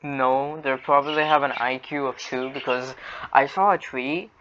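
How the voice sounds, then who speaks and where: A man's voice: mid-range voice, steady tone, normal speed, bright, forceful tone, highs cut off. A man co-hosting a casual podcast, loose and profane, laughing often, on a cheap mic with a fan humming behind. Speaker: podcast co-host. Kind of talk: casual chat. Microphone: cheap non-noise-cancelling microphone. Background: fan hum and birds.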